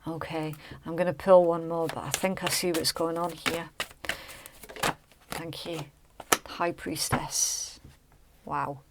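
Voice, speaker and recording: A woman's voice: deep voice, steady tone, slow pace, pauses often, background noise. A woman giving a casual, chatty tarot reading, often checking in with "okay?" and "right?". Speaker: tarot reader.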